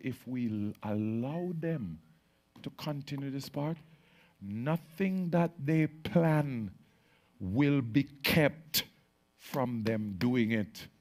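A male pastor preaching at a slow, deliberate pace. His voice sits in a middle register, sinks low and soft for solemn lines, and climbs high and loud when he gets worked up. He leans into words and lets them hang. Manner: slow, drawn-out preaching that swings from quiet to loud and excited. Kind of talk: sermon.

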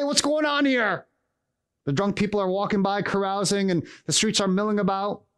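A middle-aged male pastor giving a Christmas Eve sermon and telling stories, sometimes acting out voices. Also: a little high. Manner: storytelling, acts out shouted voices.

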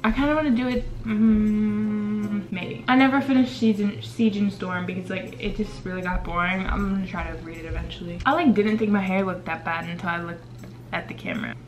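A young woman chatting casually to her camera at home, rambling from one thought to the next with plenty of fillers. Her voice sits at an ordinary middle pitch, and light background music plays under her talk. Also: fairly even intonation, fairly quick. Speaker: vlogger. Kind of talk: casual vlog chat. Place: indoors at home doing makeup.

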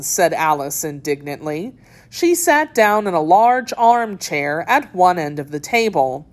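A woman narrating a children's storybook aloud, expressive and clear. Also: sits low, measured pace.

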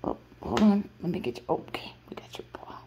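A woman's voice: on the low side, big pitch swings, fairly quick, gravelly, mellow, in a whisper. A woman filming her foster kittens at home on her phone, calling to them in coaxing baby talk and laughing often. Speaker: pet foster carer. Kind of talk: casual pet vlog.

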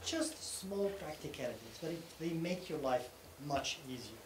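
A man presents at a technical conference, walking through each point step by step and pausing to check that the audience is following. His voice sits somewhat high. The hall around him echoes, with a faint hum of room noise beneath. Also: lively intonation. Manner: explains step by step, often checking in with "okay?". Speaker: conference speaker.

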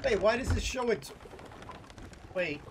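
A man streaming a game live, excitable and swearing a lot as he talks to viewers and a teammate. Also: high voice, unhurried, heavy background noise. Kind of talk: live gaming stream chat.

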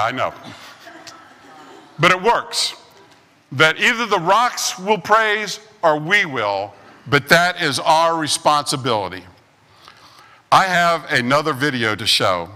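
A man's voice: a little high, sharp tone. A man preaching a humorous sermon as pastor, a joking storyteller full of puns, in a church sanctuary. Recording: long reverb of a church hall.

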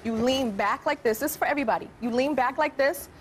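A woman's voice: high voice, fast. A woman hosting a talk show, playfully teasing her guest and laughing often in front of a studio audience. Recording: studio audience and background noise.

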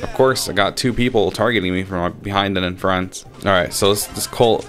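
A young man giving casual gameplay commentary, swearing freely and getting loudly frustrated. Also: low-pitched, brisk, hardly any pauses, soft background music. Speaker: gaming channel host.

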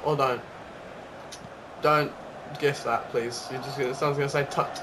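A man's voice: mid-range voice, moderate pace. A man giving casual, sweary, exasperated commentary while playing a football video game. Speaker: gaming YouTuber. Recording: steady background noise.

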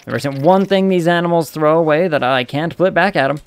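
A man's voice: a little high, brisk, slight background noise, voice pushed up, lightly acted. A man voicing Took, a scrappy male raccoon junk dealer with a brash, wheeling-dealing patter, as he reads a video game aloud.

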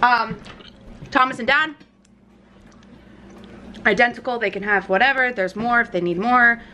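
A woman's voice: on the high side, measured pace, pushed and bright, slight background noise. A woman filming a casual home vlog in her family kitchen, playful and chatty, dropping into silly voices now and then. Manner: playful, slips into silly voices and put-on accents. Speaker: vlogger.

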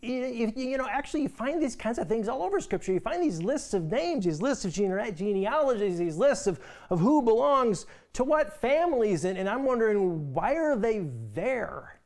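A male pastor preaching a sermon in a conversational way, often repeating words as he starts a phrase and dropping to a soft, quiet voice for emphasis. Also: extremely high pitch, sing-song, moderate pace, few pauses.

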